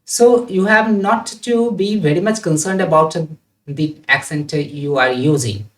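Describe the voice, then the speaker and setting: A man, a tutor giving feedback in a class, speaking haltingly with many filler pauses. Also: on the high side. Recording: roomy, distant from the mic.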